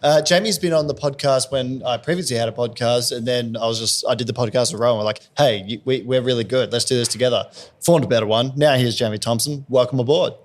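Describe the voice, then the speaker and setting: Fast-talking, hyped podcast host. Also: male voice, mid-range voice. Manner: energetic, hyped, repeats himself. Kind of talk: casual podcast chat.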